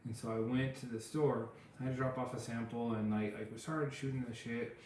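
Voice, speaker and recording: A man's voice: medium pitch, steady tone, a little fast, darkish tone, a little hiss or hum. Rambling man in a very echoey room. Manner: rambling storytelling with many fillers. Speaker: podcast co-host. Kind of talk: casual chat.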